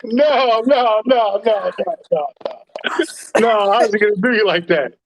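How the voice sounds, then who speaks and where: A man hosting a podcast, chatting casually and reacting with quick, playful teasing. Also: high voice, slight background noise. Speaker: podcast host. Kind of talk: casual interview chat. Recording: dry, dull lo-fi audio.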